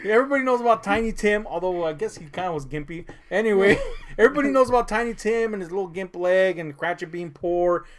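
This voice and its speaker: A loose, sarcastic movie-review rant full of swearing and laughter, in a mid-pitched voice that sits in the ordinary range. The talk rambles with fillers and restarts as the speaker mocks a film in casual comedic chat. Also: quick pace, hardly any pauses. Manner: profane, sarcastic ranting with frequent laughs.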